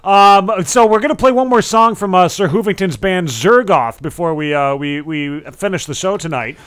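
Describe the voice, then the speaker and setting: A man's voice: high-pitched, normal speed, fairly bright tone, clear, resonant tone. A man hosting a casual podcast, rambling with many restarts. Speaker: podcast host.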